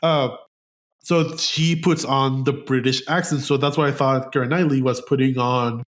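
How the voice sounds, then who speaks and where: Animated man chatting about a film. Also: mid-range voice, moderate pace. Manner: animated, stumbling restarts, swears casually. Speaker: podcast host. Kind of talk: casual film chat.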